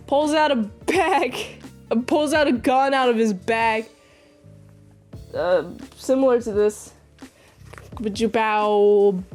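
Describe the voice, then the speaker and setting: High-voiced woman recapping a movie. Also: measured pace, faint music behind. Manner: rambling, sarcastic asides. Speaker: movie reviewer.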